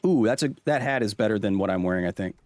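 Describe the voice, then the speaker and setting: Man, 30s, game streamer: lively, bouncy pitch, jokey, chuckles a lot, desk mic in a home room. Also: fast talker, no room sound, clean studio sound. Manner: animated, jokey, chuckles often, drifts into explaining science. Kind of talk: casual gaming commentary.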